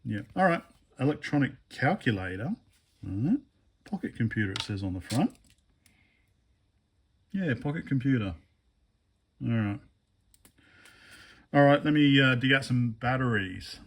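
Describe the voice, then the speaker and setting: A man giving a casual hands-on teardown commentary, thinking aloud in a hesitant, low-key way with many fillers and restarts while he works. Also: animated, measured pace, pauses often. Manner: low-key, mutters asides while working with his hands. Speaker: electronics hobbyist vlogger.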